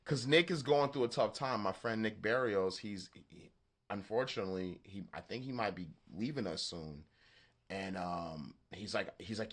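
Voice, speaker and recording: A man with a Southern accent hosting a beat-making livestream, chatting casually in a halting, rambling way and swearing freely. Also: on the low side, fairly bright tone. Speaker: beatmaker livestream host. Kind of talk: casual live-stream chat.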